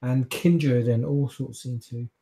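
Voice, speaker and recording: A man's voice: medium pitch, steady tone, a little slow, mellow. A man narrating as game master of a tabletop game, loose and rambling with many fillers.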